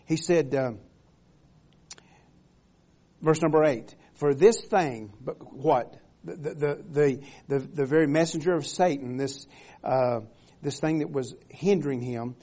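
A man preaching from the pulpit in a fairly high, mellow voice. He stretches out emphatic phrases when reading scripture and stumbles through repeated words as he builds toward each point. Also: normal speed. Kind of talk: sermon.

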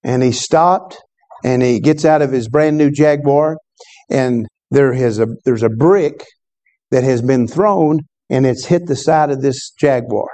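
Preacher guy telling a story in his sermon, warm mellow voice, chatty, keeps asking the crowd stuff. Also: mid-range voice, a little slow. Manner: storytelling preacher, conversational with call-and-response asides.

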